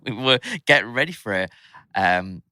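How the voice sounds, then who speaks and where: A man's voice: lowish voice, animated, moderate pace, bright, forceful tone, clean tone, dry recording, clean studio sound. A young man from South Shields with a Geordie accent, chatting as a podcast guest and acting out quotes in funny voices. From South Shields, England. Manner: rambling, acts out quotes in character voices. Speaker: podcast guest, drag artist. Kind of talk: casual chat.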